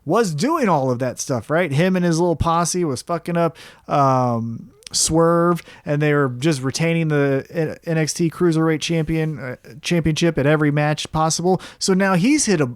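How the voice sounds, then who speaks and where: In casual wrestling analysis, a podcast co-host with a fairly high, clean-toned voice talks at a normal pace. Relaxed, he swears and thinks aloud while dissecting storylines. The recording is dry with clean studio sound.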